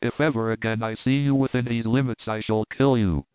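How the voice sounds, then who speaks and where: Man doing a fierce noblewoman, cold and bossy, lower and slower, smooth but kinda phone-tinny. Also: steady tone, no room sound, natural voice. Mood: commanding. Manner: cold, commanding, slow and firm. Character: fierce, proud noblewoman defending her land. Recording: dry, tinny phone-like sound.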